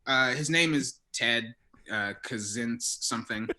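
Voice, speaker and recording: A man playing a drug dealer turned drummer who spins deadpan tall tales in an improvised comedy podcast. His voice is very bright and forward, sitting at an ordinary pitch for a man. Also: unhurried, slight background noise. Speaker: guest playing a character.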